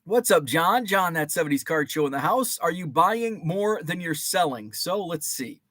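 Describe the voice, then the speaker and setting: A man's voice: a little high, animated, normal speed, a bit bright, no echo. A man hosting a casual livestream, rambling between topics and reading viewer comments aloud. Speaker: host.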